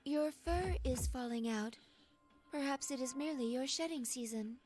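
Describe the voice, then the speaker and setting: Woman voicing a young female android, high voice, formal, precise, polite, game script reading. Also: moderate pace, a little mellow, faint music behind, close to an everyday voice. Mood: earnest.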